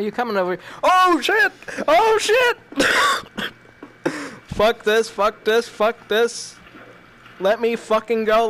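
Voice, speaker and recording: A man's voice: fairly high pitch, a little hiss or hum. A man reacting while playing a VR game, jumpy and panicky and swearing constantly. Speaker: gamer.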